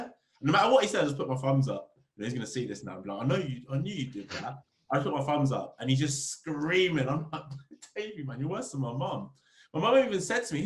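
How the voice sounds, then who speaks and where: A man, a football club captain, chatting as a podcast guest and telling lively stories about the game. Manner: animated storyteller, rising pitch when telling funny stories. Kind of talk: casual interview chat. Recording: roomy echo.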